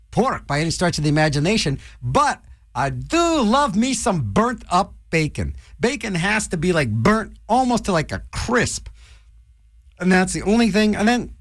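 A man's voice: high voice, fairly bright tone, dry recording. A middle-aged man talking as a college radio DJ, rambling in a manic, jokey way with lots of fillers. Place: radio studio.

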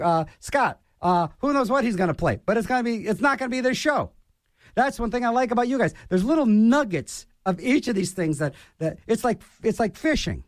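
On his radio show, a man with a high-pitched voice rambles and rants, poking fun at himself as he skips from one subject to the next. The sound is clean studio audio with no room sound.

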